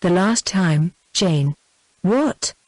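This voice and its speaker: A synthetic female voice with a British English accent, reading the lines of a brooding, passionate middle-aged gentleman in an even, unhurried way. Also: on the low side, no room sound, heavily acted, low-quality recording. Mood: pleading.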